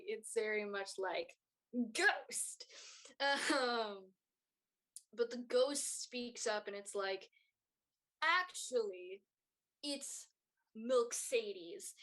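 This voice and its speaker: A woman's voice: a little high, fairly bright tone, rough recording. A woman narrating a tabletop game as game master, rambling with many fillers.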